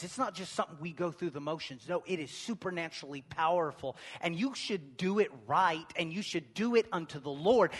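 A man preaching a sermon with emphatic repetition, building to shouts. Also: high voice. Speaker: pastor. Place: church hall. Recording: echoey church hall.

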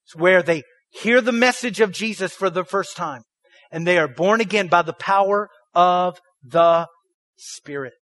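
A man preaches with a high, ringing voice and a dry, close sound. He fires off rhetorical questions and has the congregation repeat his lines back to him. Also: measured pace, fairly bright tone, dry recording. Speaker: pastor. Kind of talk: sermon.

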